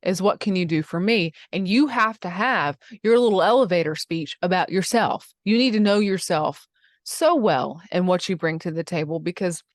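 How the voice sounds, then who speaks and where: A woman's voice: fairly low pitch, animated, normal speed, no room sound, studio quality. A woman giving blunt, emphatic career advice in a casual interview, calling listeners honey and baby.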